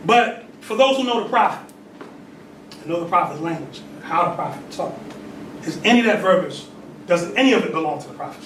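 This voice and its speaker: A man in his forties teaches a congregation in a temple. His voice is high, and the mic sits far from him in an echoey hall with steady noise behind. He asks questions of the room and laughs between points. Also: fairly quick. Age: 40s. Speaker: religious teacher. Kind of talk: sermon with call and response.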